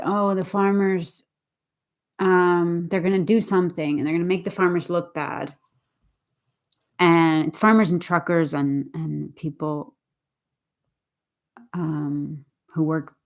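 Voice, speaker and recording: Woman, from Boston, casual reflection, rambling, earnest, many restarts, lowish voice. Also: darkish tone.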